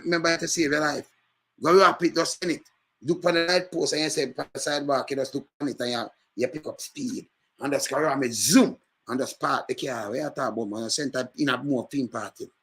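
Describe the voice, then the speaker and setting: Man, Jamaican accent, bright edgy tone, husky, emphatic casual commentary, repetitive. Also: mid-range voice. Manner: animated, emphatic, repetitive with loud outbursts.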